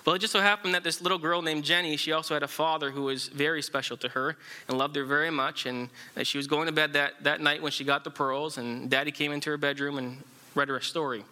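Bright-voiced man preaching a sermon. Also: on the high side, steady tone. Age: adult, married. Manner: halting, many fillers and restarts. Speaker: pastor. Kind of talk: sermon with an illustrative story.

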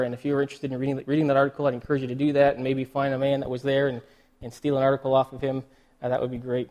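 Emotional, halting man preaching. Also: mid-range voice, darkish tone. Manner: emotional, halting with many restarts and fillers. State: choked up, emotional. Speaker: pastor. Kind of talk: sermon.

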